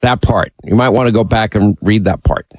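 A man's voice: fairly low pitch, fairly quick, darkish tone, no room sound, low-quality recording. A man hosting a radio talk show, speaking emphatically and opinionated, teasing his callers. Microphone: studio mic.

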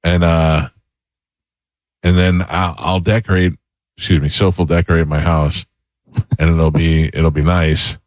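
A middle-aged man with a very deep voice talks in a relaxed, chatty way as a morning radio host. His voice sounds dry and close to the studio mic. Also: unhurried, long pauses, dry recording. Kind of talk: casual morning radio chat.

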